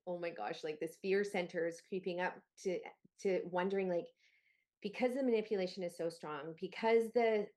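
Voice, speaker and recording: A woman with a lowish voice hosts a podcast interview. She talks earnestly and empathetically, letting her thoughts run on in long strings. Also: darkish tone. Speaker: podcast host.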